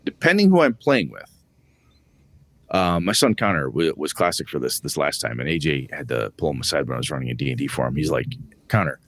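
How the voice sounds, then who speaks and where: A man's voice: brisk, no room sound. A man co-hosting a tabletop gaming podcast, chatting casually and acting out quotes from his players. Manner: animated, acts out quotes with rising pitch. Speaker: podcast co-host and game master.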